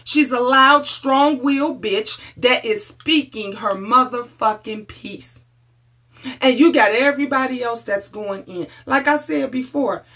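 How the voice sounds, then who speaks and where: A woman's voice: on the high side, sharp tone. A middle-aged woman ranting bluntly, with a lot of profanity and repeated phrases, in a heated opinion vlog. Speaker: vlogger.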